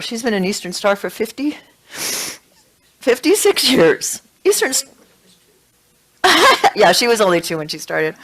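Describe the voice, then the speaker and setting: Woman speaker, sermon storytelling, emotional, mid-pitched, small congregation. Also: low-quality recording. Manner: emotional, animated storytelling with laughs. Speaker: spiritual practitioner giving the talk.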